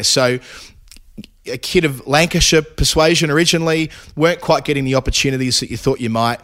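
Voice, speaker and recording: A middle-aged man hosts a casual podcast in a chatty, rambling way. He slips in asides as he reads ads and introduces guests. His voice sits at an ordinary pitch. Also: a bit bright. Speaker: podcast host.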